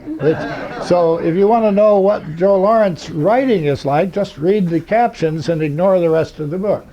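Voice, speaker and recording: A man's voice: high voice, moderate pace, warm tone, a little hiss or hum. An older man giving a rambling, dry-humored talk to an audience in a lecture hall, with plenty of fillers. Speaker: convention speaker. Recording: muffled lo-fi recording.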